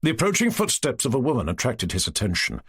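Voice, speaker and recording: A man narrating a classic novel as an audiobook in an expressive storytelling manner. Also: medium pitch, fast talker, slightly rough, no room sound, clean studio sound. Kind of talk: scripted narration.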